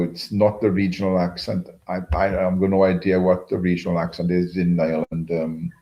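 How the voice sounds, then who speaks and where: A man's voice: deep voice, muffled recording. A middle-aged man hosting a casual livestream chat, rambling, swearing often and chuckling as he reads comments. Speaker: livestream host.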